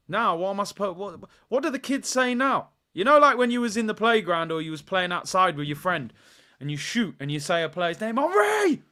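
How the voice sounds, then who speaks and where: A young man, hosting a live football watchalong and chatting in a rambling, playful way. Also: fairly quick. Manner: animated, rambling, playful, bursts into high shouts. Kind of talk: casual live-stream chat.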